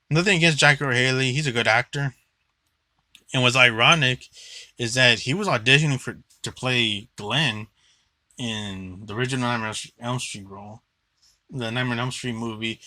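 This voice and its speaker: A man's voice: mid-range voice, bright, forceful tone, no echo. A young man giving a rambling, blunt movie review monologue, swearing freely and filling gaps with "like".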